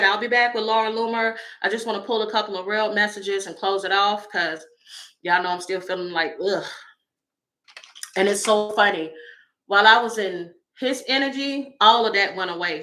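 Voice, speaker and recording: A woman's voice: mid-range voice, pushed and bright, rough recording. A woman reading tarot on a casual livestream, blunt and profane, laughing often as she talks to her viewers. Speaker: tarot reader.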